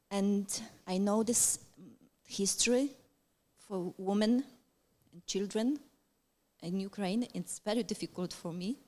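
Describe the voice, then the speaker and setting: A woman from Poland with a Polish accent, a psychologist asking an audience question, searching for words with feeling. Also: mid-range voice. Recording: roomy hall with long reverb.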